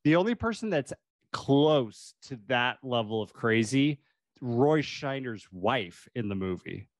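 A man's voice: mid-range voice, animated, no echo, studio quality. Wry, laughing man podcast co-host. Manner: laughs often, wry, recaps scenes with quick quoted lines. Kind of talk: casual movie chat.

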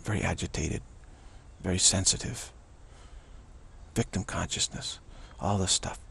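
Gravelly low-voiced man teaching spirituality. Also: unhurried, fairly bright tone, a little hiss or hum. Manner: rambling and repetitive, with frequent restarts. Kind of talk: unscripted spiritual teaching monologue.

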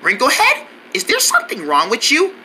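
A man voicing an excitable young buddy with squeaky exclamations, in a homemade cartoon. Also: normal speed, husky, exaggerated voice, low-quality recording.

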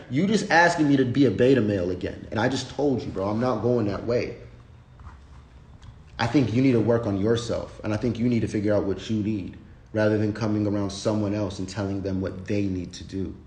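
A man's voice: fairly low pitch, fairly quick, darkish tone. A man hosting a casual livestream and talking bluntly and profanely, rambling with frequent restarts. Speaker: livestream host. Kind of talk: casual unscripted livestream rant. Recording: roomy echo.

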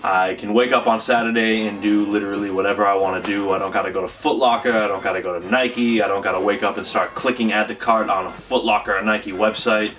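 A man's voice: on the low side, a bit bright, distant mic. A young man vlogging a sneaker unboxing, chatty and rambling, with emphatic repeats. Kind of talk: casual vlog unboxing. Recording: off-mic with faint music underneath.

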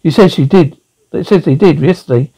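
A man's voice: a little high, a little fast, dark tone, slightly rough, rough recording. A man voicing an earnest young woman deputy who reports in an eager, matter-of-fact way in a one-man radio drama.

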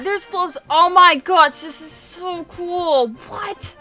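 A young woman giving excitable, chatty commentary while playing a video game and reading its text aloud. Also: very high voice, normal speed, few pauses. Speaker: gaming video host. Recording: game music behind voice.

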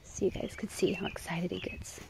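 A woman vlogging outdoors at a pasture, calling and cooing to her horse in a high sing-song pet voice, filmed on a handheld phone. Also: level tone, a little fast, in a whisper. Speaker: horse owner. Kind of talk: casual vlog, talking to her horse.

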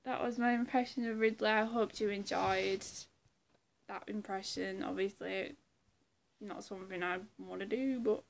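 A woman's voice: medium pitch, fairly even intonation, normal speed, gravelly. A woman chatting casually in a vlog, rambling and self-deprecating, often repeating herself. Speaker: impressionist vlogger.

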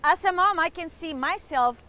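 A woman's voice: very high-pitched, animated, normal speed, sharp tone. A woman with a Spanish accent co-hosting a car dealership ad, bubbly and upbeat, switching between English and Spanish. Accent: Spanish-speaking, mixes in Spanish. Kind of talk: live car sales pitch.

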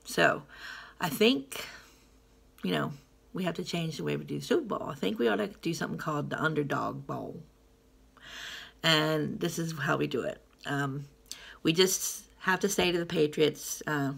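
A woman from Gloucester, Massachusetts, with a Gloucester accent, giving her opinions in a casual vlog. Her voice sits very low with a gravelly edge. She rambles and laughs between her phrases. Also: moderate pace, pauses often. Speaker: vlogger.

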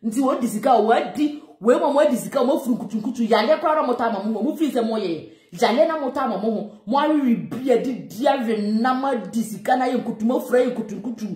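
A woman's voice: fairly high pitch, quick pace, few pauses, dark tone, echoey room. A Ghanaian woman giving emphatic, mocking commentary on a viral clip, mixing Twi and English. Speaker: social commentator.

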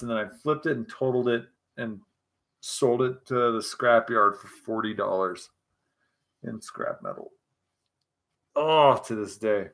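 On his casual livestream, a young man speaks unhurriedly in a lowish, slightly bright voice. Tipsy from scotch, he reads chat and spins rambling stories, laughing and cursing freely.

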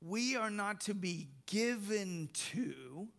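A man preaching a sermon as pastor, slow and emphatic, with soft laughs and repeated words. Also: sits high, animated, creaky.

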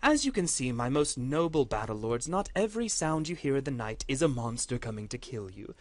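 A man's voice: mid-range voice, big pitch swings, a little fast, no echo, lightly acted. A man voicing a stern, imperious matriarch who rules her battle lords with cold command. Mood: coolly dismissive. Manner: commanding, cold, erupts into shouting.

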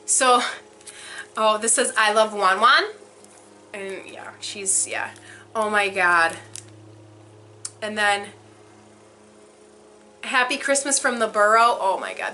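Gushing excited young woman vlogger. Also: mid-range voice, slight background noise. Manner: gushing, breathless, frequent exclamations. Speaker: vlogger unboxing a subscription box. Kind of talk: excited unboxing vlog.

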